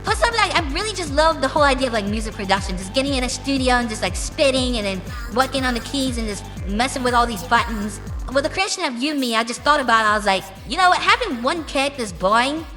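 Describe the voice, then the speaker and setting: Young woman musician, high bright voice, cocky and sweary, reverby room, music in back. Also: animated, fast talker, few pauses. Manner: blunt, profane and boastful. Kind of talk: casual interview answers.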